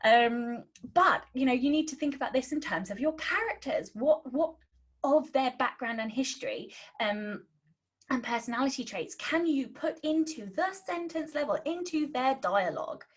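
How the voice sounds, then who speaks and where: A woman's voice: sits high, animated, normal speed, husky. Sarcastic British woman teaching writing. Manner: sarcastic, cheeky; says um a lot. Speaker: writing instructor. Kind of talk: webinar lesson.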